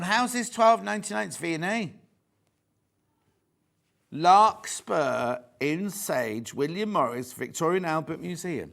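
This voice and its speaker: A chatty English man hosts a live shopping broadcast from a studio. His voice sits a little high and swings widely as he jokes and reads out viewer messages. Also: lively intonation, a little slow, gravelly, fairly bright tone. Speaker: shopping channel presenter. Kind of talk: live home shopping chat.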